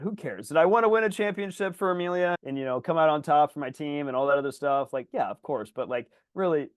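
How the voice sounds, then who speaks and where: Fast-talking, animated male storyteller. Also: mid-range voice, no room sound, clean studio sound. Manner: animated, acts out other people's lines, swears freely. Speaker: podcast guest. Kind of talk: casual storytelling. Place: Indianapolis area.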